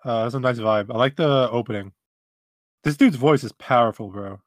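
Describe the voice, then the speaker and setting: A man's voice: medium pitch, moderate pace, dry recording. A man co-hosting a casual music review chat, speaking in an easygoing, chill way with many likes. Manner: easygoing, chill, says like often. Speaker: music podcast co-host.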